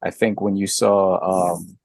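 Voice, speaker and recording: Gravelly middle-aged man, animated chat. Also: takes it slowly, dry recording, clean studio sound. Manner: animated, jumps high in pitch when making a point. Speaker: guest co-host. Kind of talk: casual chat.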